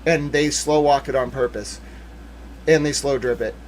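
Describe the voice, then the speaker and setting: A man giving casual, rambling legal commentary on a stream, animated, with jokey asides and mock voices. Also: mid-range voice, moderate pace, slight background noise.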